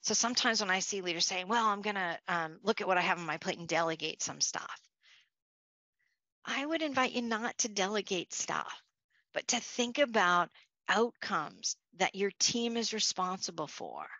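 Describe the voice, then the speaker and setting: A woman's voice: medium pitch, expressive, moderate pace, pushed and bright, dry recording, lo-fi sound. A woman from Long Island, New York, giving a conversational leadership talk with stories and restarts. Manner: conversational, restarts, storytelling asides. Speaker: leadership speaker.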